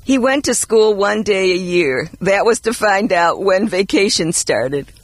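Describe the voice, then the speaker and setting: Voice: mid-range voice, measured pace, no echo. A co-host reading mock ads and jokes aloud, with playful emphasis. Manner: lively, expressive read with playful emphasis.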